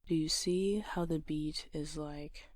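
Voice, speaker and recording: Slow, soft-spoken poetry teacher. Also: medium pitch, steady tone, dry recording. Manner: soft, often slipping into a whisper; gentle, patient explaining with light laughs. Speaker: poetry channel host.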